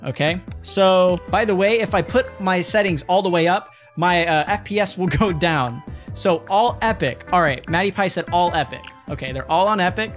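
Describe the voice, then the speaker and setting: A young man streaming a video game, loud and hyper, swearing and trash-talking other players as he plays. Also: sits high. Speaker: gaming streamer. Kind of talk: excited gameplay commentary. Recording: music playing behind.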